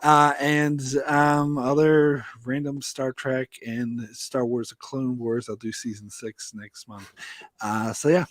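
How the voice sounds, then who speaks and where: A man's voice: mid-range voice, little pitch movement, slow pace, no echo. A man who runs a review channel, chatting casually and animatedly, often laughing between thoughts. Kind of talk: casual chat.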